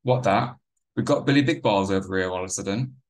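A man's voice: fairly low pitch, brisk, close to an everyday voice. A man voicing a menacing teenage boy who bullies and taunts, in a crude, jeering way. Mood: taunting. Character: menacing teenage male gang bully.

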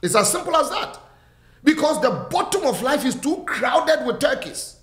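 A man preaching with fervent, driving repetition, stacking phrase on phrase. His voice sits high for a man. The room gives it a clear echo. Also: sing-song, normal speed. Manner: quieter, friendly greetings to online viewers. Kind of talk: sermon.

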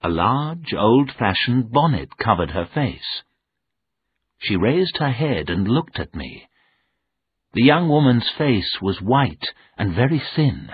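A man reading a graded-reader novel aloud as scripted narration, in a measured, plain storytelling manner. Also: medium pitch, very animated, slightly rough, no echo. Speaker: audiobook reader. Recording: narrow phone-like sound.

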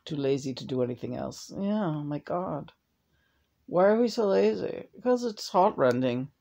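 A woman's voice: sits low, lively intonation, moderate pace, vocal fry, warm tone, muffled recording, exaggerated voice. A woman channeling the spirit of a dead man who rambles, hesitates and makes crude jokes. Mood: rambling.

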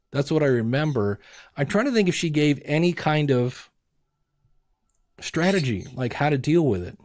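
A man on a podcast as a guest, chatting casually and acting out little quoted exchanges with lively energy. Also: fairly high pitch, dry recording. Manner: animated storyteller acting out quotes.

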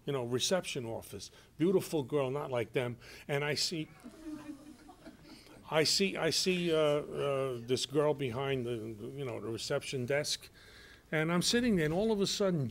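Man, radio guest, animated storyteller, voices the people in his tale, slightly higher pitch. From Brooklyn, New York. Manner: animated, acts out quoted voices. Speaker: guest actor and nightclub comic.

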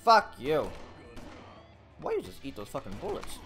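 Casting note: brash, profane male gamer, bright voice, wildly swinging pitch, with music underneath. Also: wildly swooping pitch, normal speed, vocal fry. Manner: profane, loud outbursts and frequent swearing. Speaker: gaming video creator. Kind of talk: game commentary.

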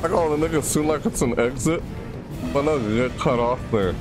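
A gaming channel host playing a horror game, panicking out loud with yelps, shrieks and repeated cries of alarm. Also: mid-range voice, brisk. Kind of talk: horror game let's play commentary. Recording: game music loud under the voice. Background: loud tense game music.

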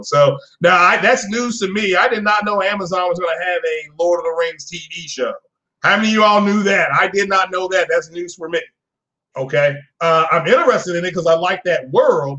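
A man with a somewhat high voice hosts a live gaming podcast. He rambles in a relaxed, chatty way. He addresses viewers in the chat as he goes. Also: dull audio. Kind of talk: casual live-stream chat.

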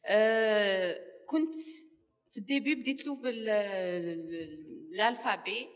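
A middle-aged woman speaks with an Algerian Arabic accent at a breakneck clip. She talks in a halting way, full of filler sounds, and slips French words into her sentences. Her pitch sits in an ordinary middle range. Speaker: guest's mother, audience member. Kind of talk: casual live talk-show chat.

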